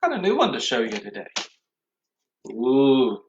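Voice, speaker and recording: Animated man teaching kids music. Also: mid-range voice, unhurried, lo-fi sound, a little hiss or hum. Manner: sing-song, animated call-and-response. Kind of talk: children's online music lesson. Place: home room, recording to a computer.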